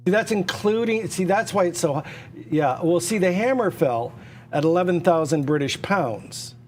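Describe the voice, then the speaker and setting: Male livestream auctioneer, slightly high voice, hard-selling patter full of restarts. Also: lively intonation, normal speed, darkish tone, a little hiss or hum. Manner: repetitive, pushy salesman patter with stammered restarts. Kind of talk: live online auction sales pitch. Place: indoors at a computer.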